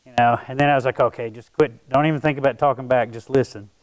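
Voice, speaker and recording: A man's voice: medium pitch, fairly even intonation, fast, poor audio. A man, preaching a sermon as a pastor and telling a personal story in a conversational, self-deprecating way.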